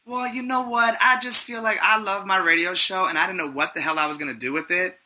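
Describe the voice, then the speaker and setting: A man's voice: high voice, steady tone, a little fast, pushed and bright. A man hosting a talk radio show, interviewing a guest in an upbeat, promotional way. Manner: upbeat, promotional, plugging websites.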